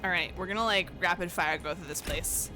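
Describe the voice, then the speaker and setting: A woman's voice: fairly low pitch, fairly quick, music in the background. A young woman streaming a video game, chatting casually, laughing at herself and talking to herself. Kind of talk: casual gameplay commentary.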